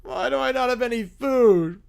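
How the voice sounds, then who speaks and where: A man's voice: extremely high pitch, moderate pace, creaky, clear, resonant tone. A man voicing a whiny, sulky little boy bear who complains nonstop. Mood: whining. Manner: whining, complaining.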